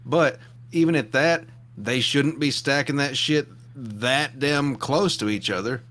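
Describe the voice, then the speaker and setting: A man's voice: mid-range voice, measured pace, a bit bright. A man co-hosting a casual live chat show with wry, joking commentary.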